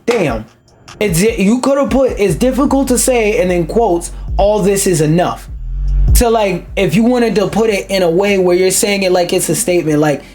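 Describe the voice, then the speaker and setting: A man's voice: high-pitched, darkish tone. Young male streamer, casual reaction commentary, swears freely, rants mid-read. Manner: profane, ranting, interrupts reading to complain. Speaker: streamer reading an article aloud.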